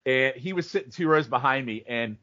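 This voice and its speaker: A man co-hosting a podcast, telling stories in animated, rambling casual chat and jumping into goofy impressions. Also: mid-range voice, fairly quick. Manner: animated storyteller, mimics people in funny voices. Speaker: podcast co-host. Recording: dull lo-fi audio.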